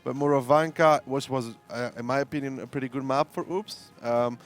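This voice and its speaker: A man's voice: mid-range voice, normal speed, faint music behind. A man giving esports analysis as co-caster, thinking aloud with frequent fillers. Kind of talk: esports commentary.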